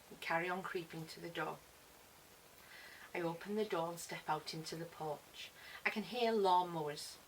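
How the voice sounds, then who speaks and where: A woman performing a spoken word story, expressive, moving between hushed and loud passages. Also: lowish voice. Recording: distant mic with faint hiss.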